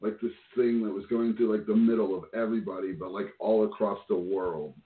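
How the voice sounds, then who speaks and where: A man co-hosting a podcast, musing in a halting way full of fillers in casual chat. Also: on the low side, steady tone. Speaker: podcast co-host. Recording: echoey room over a tinny line.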